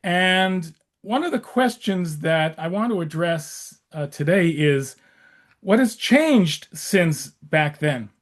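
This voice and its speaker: A man's voice: a little high, lively intonation, slow pace. A man in his sixties, a rabbi, teaching an adult class over a video call in a chatty way, with many fillers, restarts and wry asides.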